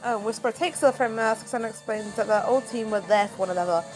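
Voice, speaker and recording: A woman recaps a comic book in a relaxed, chatty style, animated and quick to react. Her voice sits on the higher side. She comes across as casual and engaged. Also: faint music behind, low-quality recording.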